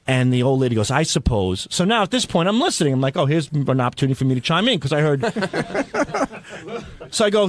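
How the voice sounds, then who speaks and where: A man's voice: medium pitch, sing-song, brisk, no room sound. A man telling rambling, self-deprecating stories in radio studio banter. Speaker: radio show staffer.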